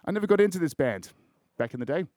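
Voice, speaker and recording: A man's voice: on the high side, expressive, fast talker, darkish tone, no echo, studio quality. An Australian man hosting a solo podcast, rambling in casual chat with lots of swearing and crude jokes. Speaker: podcast host.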